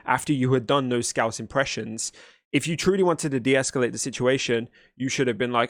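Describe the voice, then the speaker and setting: A man talking back at a video he is reacting to. He is blunt and exasperated and lectures at length. His voice sits at a middling pitch, and the recording is dry and close. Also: fast, a bit bright, no echo. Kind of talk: argumentative reaction commentary.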